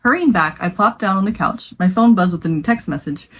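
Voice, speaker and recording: A woman's voice: medium pitch, animated, fairly quick, a bit bright, a little hiss or hum, rough recording. A young woman podcast co-host reading a short horror story aloud, often stumbling over words and laughing at her slips.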